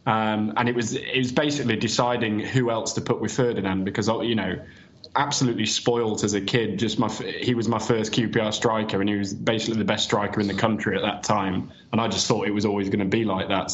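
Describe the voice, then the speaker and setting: A man in a relaxed, reflective football chat over a video call, with a wry edge. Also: fairly low pitch, fast talker. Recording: dull lo-fi video call audio.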